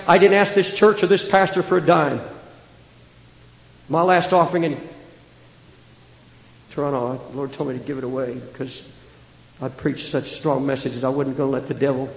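A man preaching with fire in a church, his higher-than-usual voice gravelly at the edges. His delivery swings from hushed urgency to loud fervor. A long reverb rings around him in a large, echoing hall. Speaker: traveling preacher. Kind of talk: fiery sermon.

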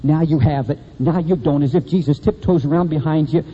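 A man in middle age delivers an impassioned sermon, his voice pitched high with a husky edge. The recording is muffled and lo-fi, with a long reverb from a large hall around him. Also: animated, fairly quick, hardly any pauses. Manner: impassioned, swinging between high and low emphasis. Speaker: preacher.

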